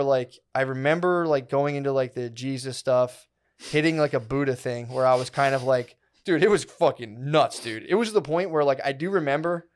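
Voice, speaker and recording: A man hosting a podcast, telling a long story in casual chat, full of swearing, fillers like "dude" and "like", and quoted voices. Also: medium pitch. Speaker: podcast host.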